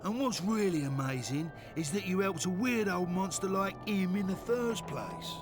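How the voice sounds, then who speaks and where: An actor playing a cheeky, rough male companion in a game's voice acting. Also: high voice, animated, moderate pace, background noise. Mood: teasing. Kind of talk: game voice acting.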